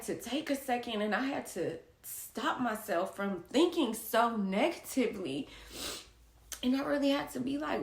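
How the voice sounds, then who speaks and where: A woman speaks slowly and openly about her feelings, her pitch rising and falling a lot. She is blunt and swears freely, and she is audibly emotional. The voice carries a roomy echo. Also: animated, vocal fry. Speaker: vlogger. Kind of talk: candid personal monologue.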